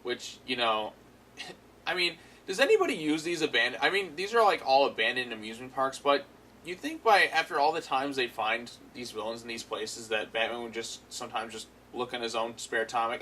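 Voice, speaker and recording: A man's voice: medium pitch, normal speed, sharp tone, slight background noise, rough recording. A man giving a casual, rambling review of a cartoon episode, full of fillers and amused asides.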